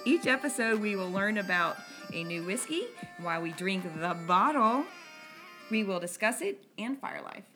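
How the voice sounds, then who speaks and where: A woman's voice: mid-range voice, lively intonation, normal speed, over music. A middle-aged woman co-hosting a casual podcast, playful and easily sidetracked, giggling as she chats. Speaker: podcast co-host, retired firefighter. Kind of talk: casual chat.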